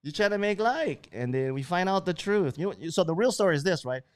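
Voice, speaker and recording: A man's voice: high voice, brisk, no echo. Brash swearing man. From Hawaii. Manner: brash, swearing, animated bursts. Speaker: host. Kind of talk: casual profane chat.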